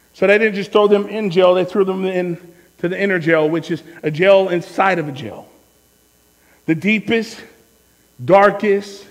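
A fairly high-pitched male pastor preaches in a storytelling way, swinging between loud outbursts and hushed asides. His voice rings out with a long reverb from the church sanctuary. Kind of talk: sermon.

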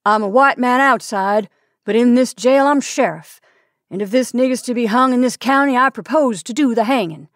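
A woman voicing a stern, defiant middle-aged male sheriff who speaks loudly and firmly. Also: on the high side, no room sound, clean studio sound, voice pushed up, lightly acted. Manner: loud, firm, deliberate.

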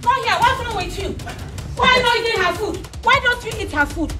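A woman's voice: very high voice, expressive, normal speed. A woman playing a scolding mother. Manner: scolding, pleading. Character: mother scolding her grown son. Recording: distant mic with crowd noise.

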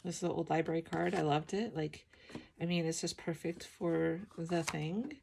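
A middle-aged woman with a sleepy morning voice, chatting softly and emotionally as she flips through her art journal, with many ums. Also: low-pitched, steady tone, normal speed, gravelly, slight background noise. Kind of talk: casual flip-through chat.

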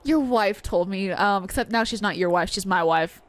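A woman's voice: medium pitch, moderate pace, natural voice. A woman voicing a male bird warrior from a video game, casually reading the game's dialogue in her own voice.

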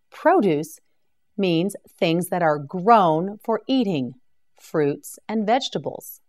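Woman, vocabulary teacher, careful enunciation, very slow pace, animated pitch. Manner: slow, carefully enunciated repetition with encouraging praise. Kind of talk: scripted vocabulary drill lesson.

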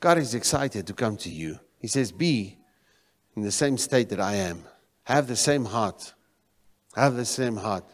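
A man from South Africa preaching a sermon in a church, swinging between loud exclamations and quiet, low emphasis. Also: lively intonation, measured pace. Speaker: pastor. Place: church sanctuary. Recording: reverberant church hall.

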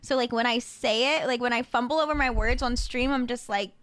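Rambling young woman streamer, higher voice. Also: a little fast, fairly bright tone. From Florida Panhandle, USA. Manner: rambling, filler-heavy, stumbles over words. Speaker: live streamer. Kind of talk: casual live-stream chat with viewers. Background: faint music.

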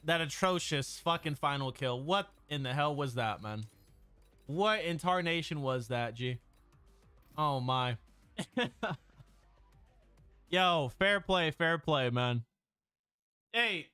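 A young man streaming a shooter game live, talking to his chat in excitable, profane trash talk. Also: on the high side, clean tone, dry recording. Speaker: gaming streamer. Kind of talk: live-stream gameplay commentary.

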